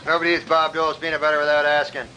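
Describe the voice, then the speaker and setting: A man playing a surly older senator who talks in a deadpan way, in a TV sketch. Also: on the high side, very fast. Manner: deadpan, talks about himself in third person. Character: surly old male senator, grumpy and deadpan. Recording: dull lo-fi TV clip.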